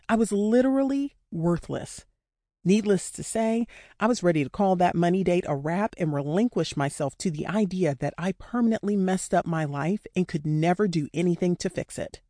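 A woman's voice: lowish voice, dark tone, no echo, clean studio sound. A woman narrating an audiobook in a candid, conversational way with casual slang. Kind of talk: scripted narration.

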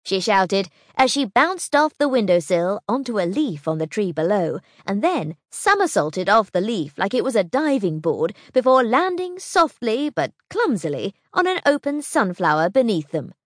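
Animated woman narrating a children's audiobook. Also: medium pitch, moderate pace, hardly any pauses, no echo, clean studio sound. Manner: animated, expressive storytelling.

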